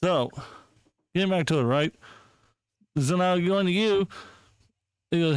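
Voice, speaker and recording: A man's voice: sits high, unhurried, pauses often, clean tone, no echo. A man hosting a podcast, ranting with heavy profanity, mocking and indignant, reading posts aloud and laughing. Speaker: podcast host. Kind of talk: casual podcast rant.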